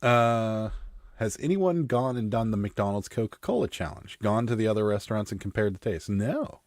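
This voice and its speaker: A man's voice: on the low side, sing-song, moderate pace, darkish tone, no room sound, studio quality. A man hosting a live stream, chatting casually and joking as he reads viewer comments, with a Western Pennsylvania accent. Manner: rambling, joking, wry.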